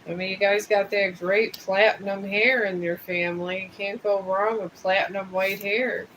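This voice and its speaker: A man's voice: high-pitched, steady tone, normal speed, bright, forceful tone, a little hiss or hum, poor audio. A man reading tarot cards on a livestream, chatting in a rambling, casual way and drifting from topic to topic. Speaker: tarot reader and livestream host. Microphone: streaming setup.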